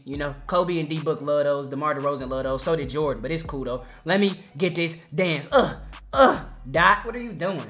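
A young man doing casual, slangy commentary over his basketball video game, trash-talking and sometimes shouting or singing. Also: a little high. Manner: hyped slangy trash talk, sings and shouts over play. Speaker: gaming YouTuber.

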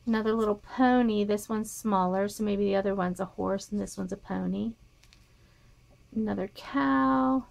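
A woman's voice: medium pitch, steady tone, normal speed, gravelly. A woman showing paper crafting supplies in a casual haul video, naming each piece and gushing over how cute they are. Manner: reads items aloud, gushing softly. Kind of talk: casual show-and-tell haul.

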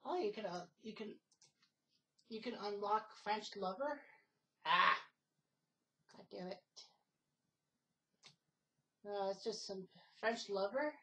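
A woman's voice: mid-range voice, takes it slowly, long pauses, bright, forceful tone, low-quality recording. A woman hosting her own gaming channel, talking casually in a rambling way with many fillers and restarts. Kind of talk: casual gaming video talk.

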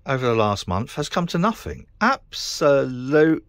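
A man's voice: mid-range voice, very animated, normal speed, fairly bright tone, no echo. A middle-aged man with a British accent, ranting to camera in a frustrated, sweary, rambling way. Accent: British English. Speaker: vlogger. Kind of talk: casual rant to camera.

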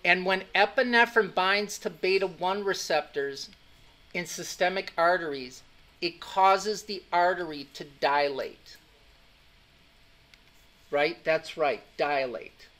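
Speaking slowly in a high-pitched, fairly bright voice, an anatomy and physiology instructor lectures his classroom. He's emphatic, goes over key points again and again, and keeps making sure the students are keeping up.

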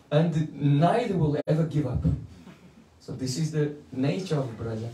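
A man's voice: sits high, warm tone, a little hiss or hum. A man giving a playful devotional lecture, telling stories and breaking into chanted verses. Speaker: spiritual teacher. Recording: echoey room, mic at a distance.

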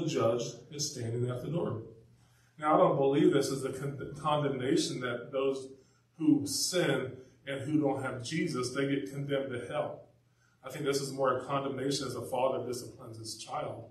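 Animated preacher in an echoey church. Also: male voice, medium pitch, distant mic. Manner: conversational, animated storytelling. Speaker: pastor. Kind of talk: sermon. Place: church sanctuary.

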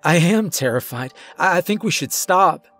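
A man voicing a scared teenage boy who stammers and pleads, his voice a little higher than his narration. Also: expressive, extremely slow, breathy edge, faint music behind, exaggerated voice. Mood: frightened.

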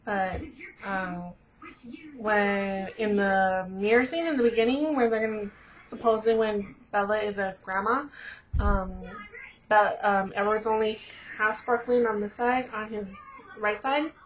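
A woman's voice: mid-range voice, measured pace. A teenage girl vlogger rambling in casual chat, gushing with lots of fillers. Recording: dull lo-fi webcam audio.

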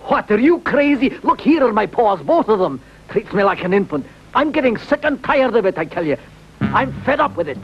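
A jittery, boastful Scotsman with a very high, lively voice. He blusters and grumbles, and a muffled old film dub puts music clearly behind him. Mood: blustering. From Scotland. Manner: blustering, quick to complain, jokey. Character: boastful jittery Scottish man, easily frightened.

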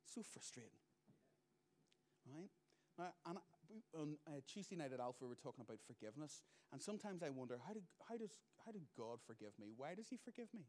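A middle-aged man, preaching a sermon as pastor, moving between loud emphatic lines and quiet asides. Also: on the high side, very animated, fast talker.

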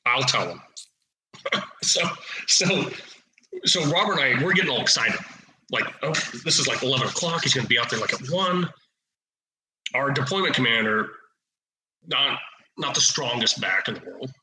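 A man in his forties from Oregon, a podcast guest and retired officer, telling lively anecdotes in a casual, blunt, salty way. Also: medium pitch, moderate pace, pauses often, roomy sound, rough recording. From Oregon, USA. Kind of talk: casual storytelling.

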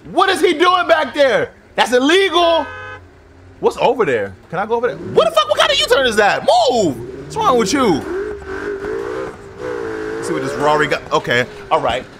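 A man giving casual, profane gameplay commentary as a gaming video host, reacting loudly to what happens in the game. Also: very high voice, normal speed, gravelly. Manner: excitable, profane outbursts at the game. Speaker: gaming YouTuber. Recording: noisy game audio under voice. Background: driving game engine and traffic sounds.

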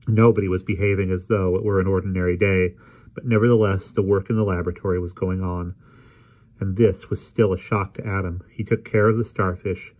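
Audiobook reader: man, very low voice, steady and deliberate. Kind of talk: audiobook narration.

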